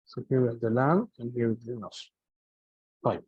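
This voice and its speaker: A male grammar teacher talks quickly through a lesson, stopping often for fillers and restarts as he explains. His voice is dark and mellow. The recording is dry and a little muffled. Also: medium pitch, slightly rough, no echo. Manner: explains in English, recites Arabic quickly, many fillers and restarts.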